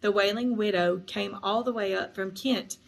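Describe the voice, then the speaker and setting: A woman doing a stiff, proud gentleman ghost. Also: mid-range voice, steady tone, moderate pace, gravelly.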